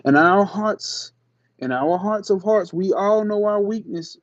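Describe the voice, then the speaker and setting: A man's voice: sits high, no room sound, dull audio. Slangy man reading and riffing. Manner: slangy asides between slow emphatic reading. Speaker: channel host. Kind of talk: reading aloud with casual commentary.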